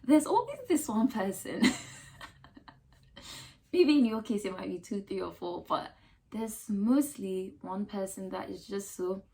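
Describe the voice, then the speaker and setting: A woman's voice: medium pitch, measured pace, creaky, long pauses. Emphatic Ghanaian woman giving advice. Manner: emphatic and animated, with rhetorical questions and mock quotes. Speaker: lifestyle vlogger. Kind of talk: casual advice monologue to camera.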